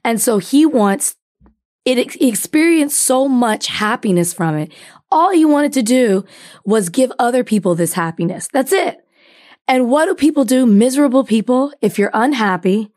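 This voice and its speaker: A woman's voice: fairly high pitch, animated, normal speed, darkish tone. A woman co-hosting a podcast, talking earnestly and with feeling. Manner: emotional, earnest. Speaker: podcast co-host. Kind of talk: casual chat.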